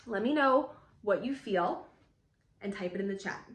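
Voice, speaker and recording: A woman's voice: mid-range voice, animated, normal speed, roomy sound. A woman coaching an online workshop, talking casually and leading a soothing guided visualization. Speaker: spiritual coach.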